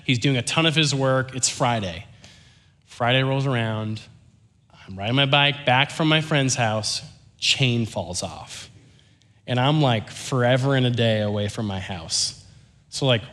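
A young man giving a sermon, telling a story with lively, animated delivery and often checking in with the audience. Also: mid-range voice, measured pace.

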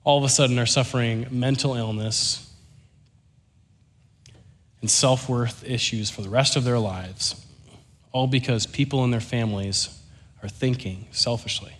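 A young man giving a sermon, telling a story with lively, animated delivery and often checking in with the audience. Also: medium pitch, a little slow, long pauses.

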